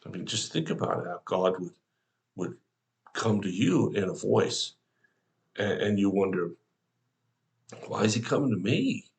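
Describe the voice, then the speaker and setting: A man's voice: fairly low pitch, animated, unhurried, creaky, pauses often. A man, an older pastor, giving a devotional sermon in a folksy, conversational way, talking straight to the listener.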